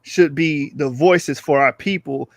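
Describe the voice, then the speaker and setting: High voice, dry, guy pressing his point hard, trips on words. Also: measured pace, no echo. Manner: emphatic, stumbles for words. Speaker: debate panelist. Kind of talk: casual debate chat.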